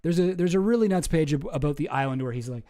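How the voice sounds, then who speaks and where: A man's voice: on the high side, lively intonation, quick pace, mellow. A man giving casual, rambling, sarcastic commentary while reading news articles aloud, swearing now and then. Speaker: commentary vlogger.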